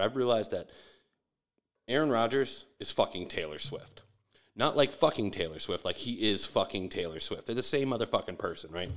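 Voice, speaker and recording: A man delivering a profane, sarcastic sports rant with mocking asides. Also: low-pitched.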